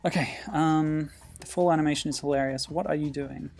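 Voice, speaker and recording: A man streaming a game, chatting in a relaxed, amused way and answering chat comments. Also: a little high, a little fast, creaky, soft background music. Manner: chatty, amused, laughs often, reacts to the game. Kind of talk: casual gameplay commentary.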